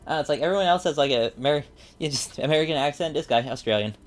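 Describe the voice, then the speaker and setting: A man's voice: fairly high pitch, fast talker, soft background music. A man giving casual, rambling commentary while playing a card game, full of fillers and asides. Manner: rambling, chatty, many fillers. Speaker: let's play gamer.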